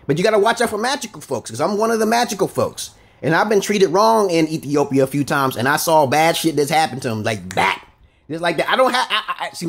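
Man, American, vlog rant, confrontational, profane, high voice, husky. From United States. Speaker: vlogger. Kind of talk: ranting monologue to camera.

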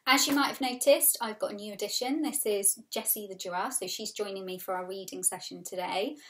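Sex: woman. Role: primary teacher. Style: recorded read-aloud lesson. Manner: expressive, explains vocabulary patiently. Pitch: mid. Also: fairly quick. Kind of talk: recorded storybook reading lesson.

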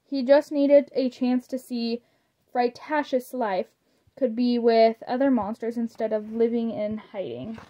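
A woman's voice: fairly high pitch, fairly even intonation, warm tone. A woman reading a children's book aloud, who stumbles over words and apologizes as she goes. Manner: slow, stumbling, apologizes for misreadings. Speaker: storybook reader. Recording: slightly muffled lo-fi audio.

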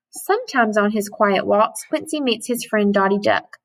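A woman teacher giving a gentle, patient letter lesson to young children and reading a picture book aloud. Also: medium pitch, animated, poor audio. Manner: gentle and patient, with slow drawn-out sounds.

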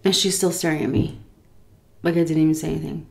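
A woman in her thirties from the United States, casually telling an animated story while eating, often laughing and acting out voices. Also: low-pitched, fast talker, vocal fry. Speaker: food vlogger telling a story.

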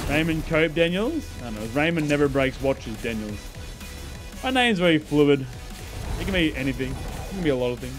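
Man, game streamer, sarcastic banter, frequent laughs, slightly high voice, faint music underneath. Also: lively intonation, moderate pace. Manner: joking, sarcastic banter with chat, laughs often. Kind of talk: casual live-stream gaming chat.

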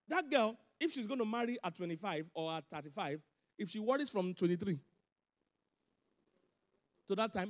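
A pastor delivers a sermon in a voice pitched high for a man, animated and laughing as he drives his points home through emphatic repetition. His words ring out with the long reverb of a large church hall.

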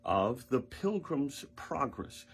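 A man co-hosting a church podcast, thanking the pastor and announcing an upcoming event in a friendly, deliberate way. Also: mid-range voice, very animated, slightly rough. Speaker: co-host.

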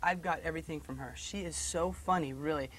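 A man's voice: a little high, brisk, crowd noise. A young man, an actor guest on a talk show, chatting in an easygoing, upbeat way and telling stories. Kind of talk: casual interview chat.

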